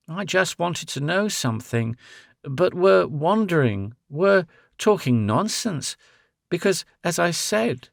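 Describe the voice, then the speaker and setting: Guy reading a sad tender woman, soft and pleading, slow, bit gravelly. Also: a little high, dry recording, clean studio sound, voice pushed up, full character voice. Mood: tender sorrowful. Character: grown woman, tender, sorrowful, resolute.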